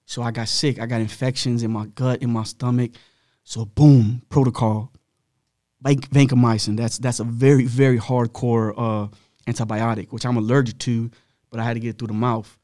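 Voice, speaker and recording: A man's voice: medium pitch, little pitch movement, moderate pace, mellow, no echo. Blunt slangy man, dry close sound. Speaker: podcast guest. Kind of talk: candid personal storytelling.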